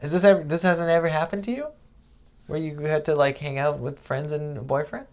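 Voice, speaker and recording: A woman's voice: sits low, a little fast, a little mellow. A woman co-hosting a casual rewatch podcast, dry and matter-of-fact as she steers the segments. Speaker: podcast co-host.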